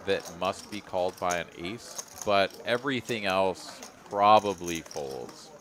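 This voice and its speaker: Deep-voiced male poker commentator. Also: slow, hardly any pauses, a little hiss or hum. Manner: conversational, talks through betting logic. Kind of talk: live play-by-play commentary. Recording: loud card-room crowd behind. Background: crowd chatter of a card room.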